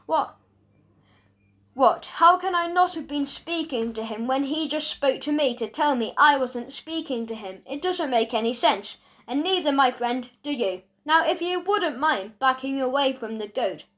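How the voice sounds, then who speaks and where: A woman's voice: high voice, lively intonation, measured pace, a bit bright. A woman voicing a pompous male goat who brushes people off in a lofty, dismissive way. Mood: indignant. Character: pompous male goat guarding his herd.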